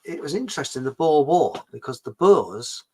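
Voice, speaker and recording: Guy hosting a chat, kinda high voice, rambly and jokey, gets loud then quiet. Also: sing-song, normal speed, husky, rough recording. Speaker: show host. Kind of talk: casual political chat.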